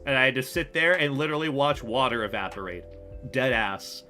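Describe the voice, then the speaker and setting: A man's voice: mid-range voice, expressive, a little fast, sharp tone. A young man chatting casually on a livestream, rambling and self-deprecating, with some swearing. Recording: music playing behind the voice.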